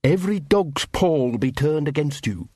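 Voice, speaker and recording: A man voicing a small, sneering male poodle who leads a street-dog gang, with a shrill, menacing, paranoid manner. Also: animated, moderate pace, mellow, breathy edge, dry recording, studio quality.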